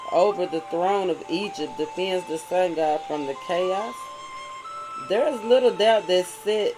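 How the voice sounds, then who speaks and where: The audio is poor as a tarot reader with a medium-pitched voice preaches through a spiritual monologue against background music. Heartfelt comments are mixed in with passages read aloud, punctuated by repeated questions of "right?".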